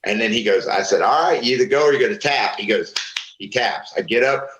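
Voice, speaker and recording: A man's voice: mid-range voice, brisk, reverberant, rough recording. A middle-aged man from Florida, a former wrestler, telling profane stories in a casual interview and acting out what others said. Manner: profane, animated storytelling with voiced quotes. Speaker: guest, former pro wrestler.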